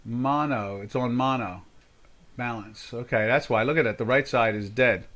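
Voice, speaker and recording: An older man hosts a live trading stream, chatting casually and thinking aloud as he fixes settings. His medium-pitched voice is fairly bright and moves at a normal speed.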